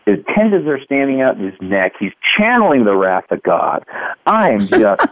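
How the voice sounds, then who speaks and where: Over a dry, phone-like connection with no room sound, a Louisville, Kentucky man in his fifties talks at a moderate pace in a lowish voice. He's a guest author on radio, telling a family story with animation and performing the quotes himself.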